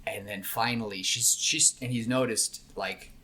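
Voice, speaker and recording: Young male podcast co-host, bright tone, rambly pitch with acted-out lines. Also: steady tone, measured pace. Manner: rambling, acts out characters' lines while pitching a story. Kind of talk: casual brainstorming chat.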